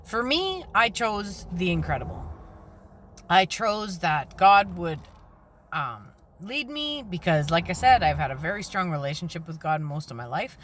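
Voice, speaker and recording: A woman talks to her viewers from a parked car beside a busy highway. She sounds rambling and earnest, with a lowish voice that swoops up and down. Faint road noise hums behind her. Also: big pitch swings, a little slow, a bit bright. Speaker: spiritual vlogger. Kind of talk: casual spiritual talk. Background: traffic noise.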